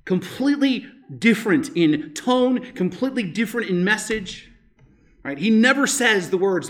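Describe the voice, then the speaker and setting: A man's voice: sits high, animated, normal speed. A male pastor preaching a sermon in a conversational way, often checking in with rhetorical questions.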